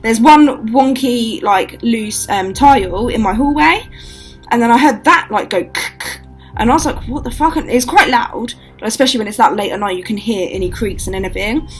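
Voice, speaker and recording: A woman's voice: on the high side, moderate pace, faint music behind, rough recording. A young woman telling ghost stories to camera in casual, swear-filled chat, acting out what people said. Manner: swears a lot, acts out quotes, animated.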